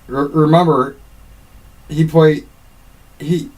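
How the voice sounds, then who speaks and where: A man's voice: on the high side, fairly even intonation, darkish tone, rough recording. A man co-hosting a casual chat podcast, often stumbling and repeating words as he gets going. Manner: halting, repeats words while getting going. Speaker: podcast co-host.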